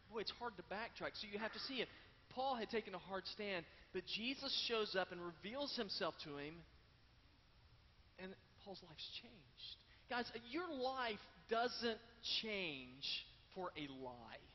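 A man preaching a sermon, telling stories with sudden swings from loud to hushed. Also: high voice, slight background noise. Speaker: pastor. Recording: long hall reverb, dull lo-fi sound, faint ambience.

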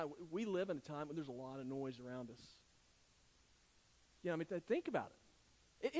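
A middle-aged man, preaching a sermon in an earnest, conversational way with frequent restarts. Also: fairly high pitch. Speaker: pastor.

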